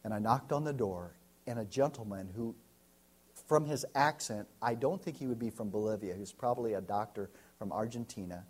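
An American man, a pastor, preaching a sermon and telling a story, swinging from loud to hushed. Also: on the low side, brisk. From United States.

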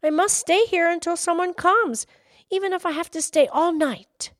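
A woman voicing a brave, determined little boy in a storybook, calling out in a high, earnest voice. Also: normal speed, dry recording, studio quality.

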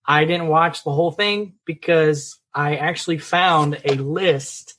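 A man's voice: a little high, fairly even intonation, measured pace, a bit bright, slight background noise. A man co-hosting a casual movie and TV podcast, chatty and upbeat. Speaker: podcast co-host. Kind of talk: casual chat.

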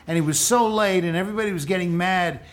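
A nostalgic uncle, played by a man in an audio drama earnestly muses about old movies at the family table. His voice sits strikingly high for a man. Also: fast talker, natural voice. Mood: musing. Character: older uncle, nostalgic film buff.

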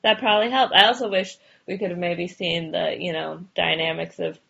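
A female podcast co-host chats loosely, packing in fillers and laughing often. Her voice is fairly low, creaky and fairly bright, steady in tone and a little fast, captured on dull lo-fi audio.

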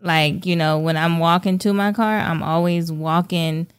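Low-voiced woman on a home podcast. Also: fairly even intonation, unhurried, clear, resonant tone. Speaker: podcast co-host. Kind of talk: casual chat.

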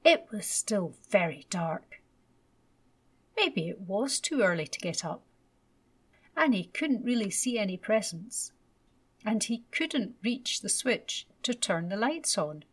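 Slow, breathy woman reading a children's story. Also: mid-range voice. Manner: gentle, unhurried, expressive.

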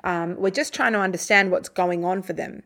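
A woman psychologist hosting an educational podcast, explaining parenting steps in a calm, steady way and modelling gentle phrases. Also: fairly low pitch, moderate pace.

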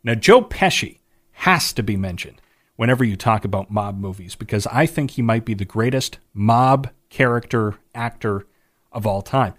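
A man's voice: lowish voice, animated, normal speed. A man hosting a movie podcast, talking about films in a chatty, enthusiastic way. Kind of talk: casual movie recommendation talk.

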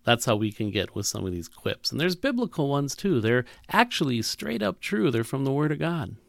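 Male preacher, gravelly voice, dry close sound, reflective sermon delivery with rhetorical questions. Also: mid-range voice, sing-song, normal speed, no echo.

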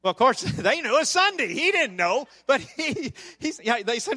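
A man telling a story in a sermon to a congregation, animated and checking in with the audience as he goes. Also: very high voice, moderate pace. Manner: animated, with frequent "okay?" asides to the audience. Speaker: speaker on church outreach. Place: church service before a congregation.

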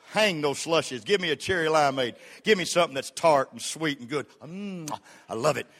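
An older pastor delivers a sermon with a gravelly, fry-edged voice. His tone is bright and forceful, and he is folksy and humorous. He swings between shouted exhortation and quiet, confiding storytelling. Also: on the high side.

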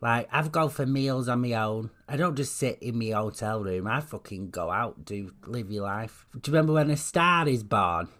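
Manchester-accented male comedian, blunt and sweary, mid-pitched casual podcast guest. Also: animated, normal speed, few pauses, fairly bright tone. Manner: candid and sweary.

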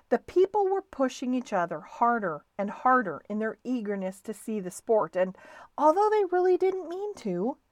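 A woman hosting a bedtime story show, reading a children's book aloud in a lively, expressive way. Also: mid-range voice, no room sound. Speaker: storyteller, podcast host.

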